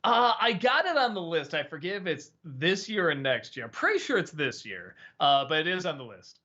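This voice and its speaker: A man's voice: fairly high pitch, very animated, moderate pace, sharp tone, highs cut off. A man hosting a casual livestream Q&A, rambling and hesitant with lots of fillers. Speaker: host.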